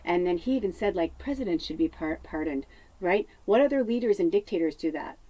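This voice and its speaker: A woman from telling a rambling story in casual, profane talk, drifting between lively bursts and hushed asides. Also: on the low side, brisk, no echo, rough recording. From Chicago. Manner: rambling, profane, animated, drops to hushed tones. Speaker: spiritual medium and host.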